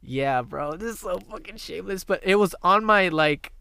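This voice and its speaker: Smooth-voiced young man, candid and profane. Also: sits high, expressive, moderate pace, bright, forceful tone, no echo, studio quality. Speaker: podcast host. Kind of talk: casual chat.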